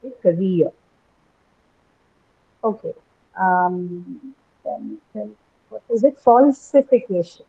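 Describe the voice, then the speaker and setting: A woman runs an online English lesson, saying each word several times and asking her students questions. Her voice is husky and breathy. The call audio is thin and phone-like. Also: lowish voice, animated. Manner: patient, repeats words slowly, asks students questions. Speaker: English teacher.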